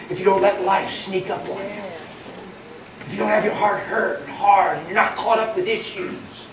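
A preacher telling a testimony in a sermon, animated and laughing, dropping to a hush and then rising to a shout. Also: medium pitch. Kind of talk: sermon storytelling. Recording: echoey hall, mic at a distance. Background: audience and room noise.

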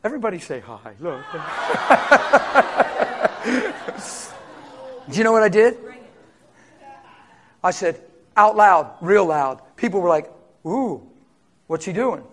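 A man preaching a sermon as pastor, swinging from hushed storytelling to loud, fervent shouting. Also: high-pitched, sing-song, slow, long pauses.

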